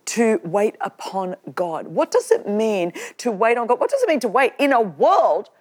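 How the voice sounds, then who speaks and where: An Australian woman in her fifties preaching a lively, joking sermon to a live audience. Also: fairly high pitch, moderate pace. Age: 50s. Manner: animated, joking, with frequent laughs.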